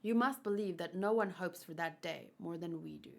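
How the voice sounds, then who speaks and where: Brief: grave, calm foreign ally in a comic read-along, played by a woman, pitched low. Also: moderate pace, gravelly. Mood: solemn.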